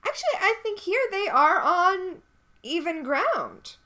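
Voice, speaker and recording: A woman's voice: very high-pitched, sing-song, takes it slowly, pushed and bright. A woman co-hosting a podcast, recapping a TV episode in casual chat, blunt and sarcastic. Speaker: podcast co-host.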